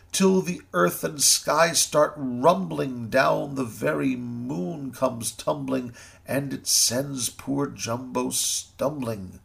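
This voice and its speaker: Brief: male storyteller, rhyming verse, slow and gravelly, theatrical. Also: medium pitch. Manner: sing-song, theatrical. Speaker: narrator.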